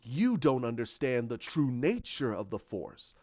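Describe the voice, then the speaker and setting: A man voicing a scheming ancient male dark lord who lectures in a slow, deep, commanding way. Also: very animated, no echo, dull audio. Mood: menacing.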